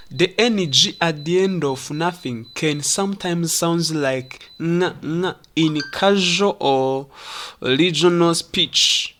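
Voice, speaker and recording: A teacher from Rwanda giving a pronunciation lesson, repeating words slowly to demonstrate them. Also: mid-range voice, a bit bright, a little hiss or hum. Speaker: English teacher.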